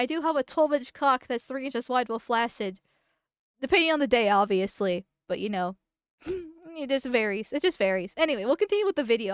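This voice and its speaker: A woman's voice: sits high, dry recording, studio quality. A woman streamer chatting casually on a live stream while reacting to a video, rambling, giggling and swearing freely. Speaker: VTuber streamer.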